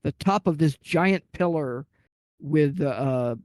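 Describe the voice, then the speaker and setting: Guy on a gaming podcast telling a story, kinda high voice, dry close mic. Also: slow, dry recording. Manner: animated anecdote teller, acts out quoted players. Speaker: podcast co-host. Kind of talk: casual storytelling chat.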